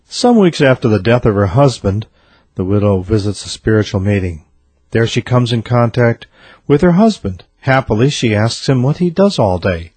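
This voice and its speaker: A man reading a series of jokes aloud in a steady storytelling delivery. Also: mid-range voice, moderate pace, slightly rough, no echo. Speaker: joke teller.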